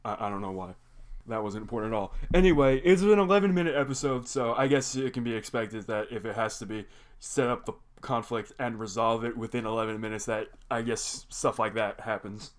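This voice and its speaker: Talking fairly quickly in a mid-range voice, a young reaction video host casually goes over a cartoon episode. His recap meanders and is thick with "like" fillers.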